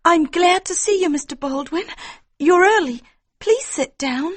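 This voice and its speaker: Storybook role: scared young woman, high pleading tone, voiced by a male reader. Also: animated, unhurried, fairly bright tone, full character voice. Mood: nervous. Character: frightened young woman in love. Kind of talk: storybook reading for English learners.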